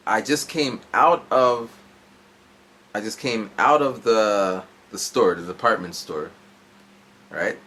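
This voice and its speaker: A man's voice: fairly low pitch, takes it slowly, long pauses, sharp tone. A man in his forties telling a long, rambling story in a casual vlog from home, jumping around as he goes. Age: 40s. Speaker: vlogger. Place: at home indoors.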